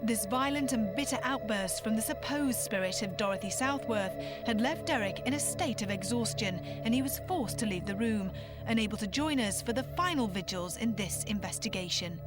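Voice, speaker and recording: A woman with a fairly high voice narrates in a steady, grave tone. Loud music plays behind her. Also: moderate pace, few pauses. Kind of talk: scripted documentary narration.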